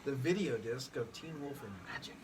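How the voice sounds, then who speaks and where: A man's voice: medium pitch, lively intonation, fairly quick. Laughing man on a noisy distant mic. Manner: loud, laughing, swearing banter. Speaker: podcast co-host. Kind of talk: casual chat. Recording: distant mic with background noise.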